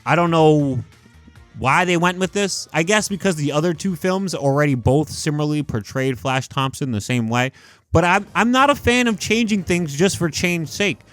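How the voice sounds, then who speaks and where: A young man giving casual, animated commentary on film adaptations, leaning heavily on "like" and emphatic rants. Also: a little high, normal speed, no room sound, soft background music. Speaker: YouTube movie commentator.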